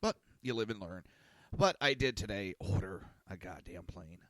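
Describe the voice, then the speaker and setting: A male podcast host who rambles through a casual rant, cursing freely and sounding exasperated. His voice sits fairly low. The recording is dry and close, with no room echo. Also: expressive, moderate pace, a bit bright. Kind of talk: casual ranting talk show.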